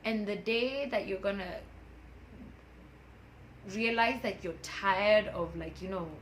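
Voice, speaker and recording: A woman's voice: mid-range voice, slow, slight background noise, rough recording. A woman in her twenties speaking candidly and emotionally in a personal motivational vlog, laughing often. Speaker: vlogger.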